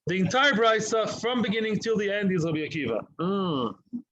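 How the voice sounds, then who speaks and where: A man with a high-pitched voice teaches a daily Talmud lesson. He explains in an animated way, acting out each side and asking rhetorical questions before answering them. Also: moderate pace, muffled recording, slight background noise. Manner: animated, plays out both sides with rhetorical questions.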